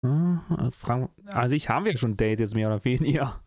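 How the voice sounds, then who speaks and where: A man's voice: mid-range voice, lively intonation, fast, darkish tone, no room sound. A man doing casual let's-play commentary, joking and sarcastic about what happens on screen. The sound is close and dry, with no room around it.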